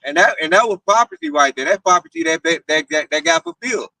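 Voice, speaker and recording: Halting man with a gravelly voice. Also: high-pitched, very animated, pushed and bright, dry recording, distant mic. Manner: halting, repeats words. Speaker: participant in a group discussion. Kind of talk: casual talk.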